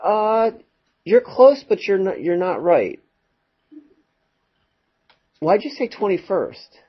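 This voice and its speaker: A male math teacher giving a casual classroom lecture, rambling a little with fillers and quick asides to his students. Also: high-pitched, big pitch swings, slightly rough. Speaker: high school math teacher. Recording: dull lo-fi classroom recording.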